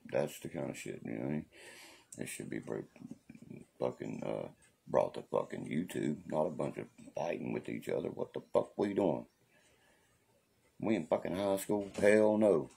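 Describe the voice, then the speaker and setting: A man with a very low, gravelly voice rants on a casual livestream. His tone is dark and husky. He swears freely, preaches defiantly and keeps checking in with his viewers. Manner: profane, repeats "you know what I mean". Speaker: livestream host.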